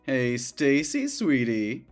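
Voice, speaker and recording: A young adult male actor, medium-pitched but swooping wildly up and down, speaks slowly in a scripted dialogue drama. He plays a clingy, possessive coworker who talks in a sugary, overly familiar way, with faint music behind him.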